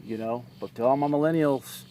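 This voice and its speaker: A man's voice: medium pitch, normal speed. A man vlogging to camera, telling stories from his own life in a blunt, streetwise, profane way. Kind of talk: casual storytelling to camera.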